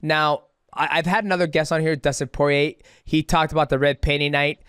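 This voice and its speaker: A man with a smooth, resonant voice that sits on the higher side hosts a podcast interview. His chatty recaps lead into his questions. The sound is dry and close, with no room echo. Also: level tone, brisk, fairly bright tone. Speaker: podcast host. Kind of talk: casual interview chat.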